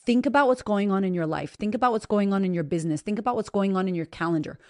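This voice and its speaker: A woman hosting a podcast in a casual motivational monologue, blunt and profane, talking straight to her listeners with energetic emphasis. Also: mid-range voice, fast, no echo, studio quality. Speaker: podcast host and business coach.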